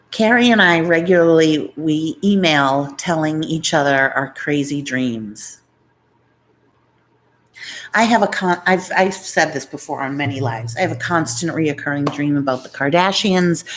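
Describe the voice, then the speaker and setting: Low-voiced chatty New woman. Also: measured pace, poor audio. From New York. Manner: rambling, chatty, jumps between topics. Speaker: YouTuber hosting a live chat. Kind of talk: casual live-stream chat.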